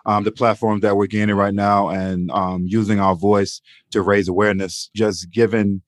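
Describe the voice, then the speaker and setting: A man's voice: lowish voice, moderate pace, no echo. Dry-voiced man co-hosting a podcast. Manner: emotional, animated, uses "you know" and "man" often. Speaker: podcast co-host. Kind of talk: casual podcast chat.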